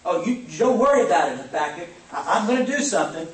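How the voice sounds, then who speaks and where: A man voicing a calm, assured male deity who speaks in a reassuring way. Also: high voice, fast talker. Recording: echoey room, mic at a distance.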